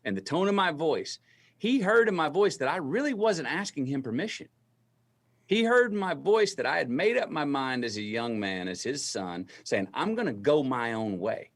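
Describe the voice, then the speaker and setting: A middle-aged man, a guest telling a story in an interview, slow and deliberate as he acts out remembered dialogue. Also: a little high, big pitch swings.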